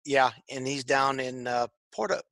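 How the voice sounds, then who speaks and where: Male co-host, casual and rambling, crisp bright tone, dry close sound. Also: medium pitch, fairly even intonation, measured pace, no room sound. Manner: rambling, repeats words often. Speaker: podcast co-host. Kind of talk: casual chat. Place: tech shop.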